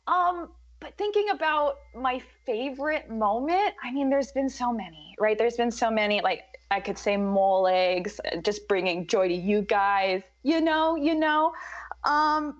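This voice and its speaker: A woman player gushing excitedly about the game in casual chat. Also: high voice, muffled recording.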